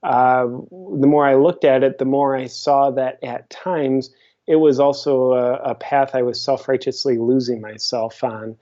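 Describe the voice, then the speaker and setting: A man speaking as a guest on an interview show, relaxed and wry as he muses. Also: medium pitch, unhurried. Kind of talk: casual interview chat. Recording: dull lo-fi audio.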